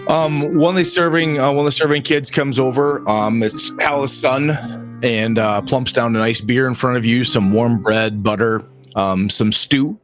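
A man's voice: mid-range voice, steady tone, moderate pace, soft background music. A man narrating as game master of a tabletop game, rambling with fillers.

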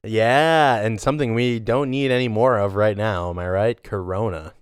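A man's voice: on the low side, moderate pace, clear, resonant tone, no echo, studio quality. A man co-hosting a podcast in casual chat, teasing and laughing often. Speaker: podcast co-host.

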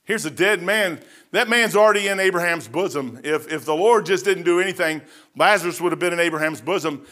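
Folksy preacher guy, bright sharp voice, goes from hushed to hollering. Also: high voice, brisk. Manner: folksy storytelling, swings from hushed to shouting; says "man" often. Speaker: pastor. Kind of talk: sermon.

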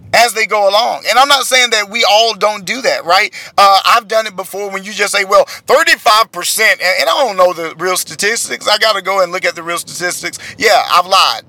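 Man, high bright voice, casual rambling rant, in a car. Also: dry recording. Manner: rambling, exasperated, heavy fillers. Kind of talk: casual chat.

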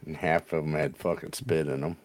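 A man's voice: very deep voice, level tone, a little fast, darkish tone, no room sound. A man co-hosting a casual podcast, trading crude, profane banter and laughing often. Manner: former bar-band musician. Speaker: podcast co-host. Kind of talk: casual chat.

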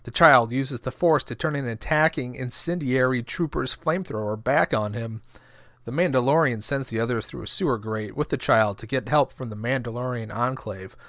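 A man co-hosting a podcast from home, chatting easily and reading a plot summary aloud at a steady clip. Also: mid-range voice, normal speed, dry recording. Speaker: podcast co-host.

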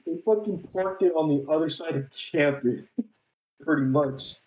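A man's voice: a little high, normal speed, a little mellow, reverberant, poor audio. A man in his twenties, co-hosting a podcast, telling a story in casual chat, swearing and laughing often. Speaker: podcast co-host.

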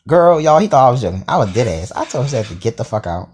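A man telling a story in a casual, sassy and profane way, with dramatic asides and sudden jumps into a high voice. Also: big pitch swings, fast talker, few pauses, a little mellow, breathy edge.

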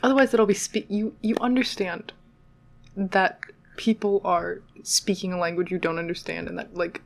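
A woman's voice: lowish voice, fairly even intonation, normal speed, creaky. A woman co-hosting a podcast in casual chat, musing through playful hypotheticals. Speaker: podcast co-host.

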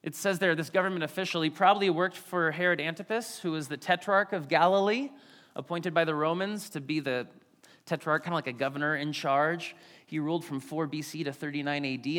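Pastor, male, high bright voice, animated sermon delivery, long hall reverb. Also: brisk. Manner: animated, acts out quotes in varied voices.

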